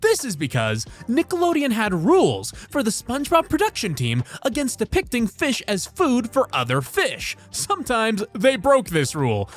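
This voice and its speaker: A man voice actor reading funny posts aloud in an animated, expressive comedic narration. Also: very high-pitched, normal speed, hardly any pauses. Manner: animated, expressive, swings between many voices.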